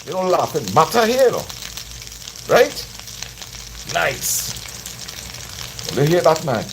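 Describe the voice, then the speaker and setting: A man's voice: a little high, big pitch swings, takes it slowly, vocal fry, noisy background. A man with a Trinidadian accent chatting and teasing live viewers as he cooks at his kitchen stove. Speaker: cooking vlogger streaming live. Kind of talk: casual chat to live viewers while cooking. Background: frying sizzle.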